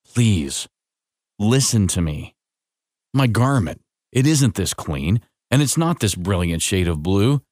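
A man voicing a lonely, frightened teenage girl, speaking softly and slowly in a pleading way, in a storybook reading. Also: fairly low pitch, big pitch swings, no room sound, studio quality, exaggerated voice. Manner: soft, slow, pleading.

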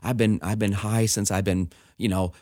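Animated middle-aged pastor telling a story. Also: male voice, lowish voice, moderate pace, no room sound, studio quality. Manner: animated storyteller, acting out quoted voices, laughing often. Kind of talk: personal testimony in casual conversation.

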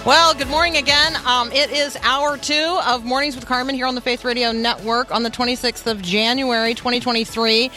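A woman's voice: a little high, steady tone, brisk, few pauses, over music. Chatty woman hosting morning radio. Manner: chatty and reflective, with frequent "um" and "like". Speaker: radio host. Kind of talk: Christian morning radio talk. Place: radio studio.

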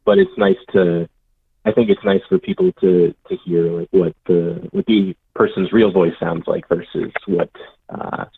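A man's voice: deep voice, expressive, measured pace, gravelly, husky. A young man, a voice actor, chatting in an interview, chuckling and hesitating with many fillers. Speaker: voice actor guest. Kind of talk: casual interview chat. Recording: tinny phone-like call line.

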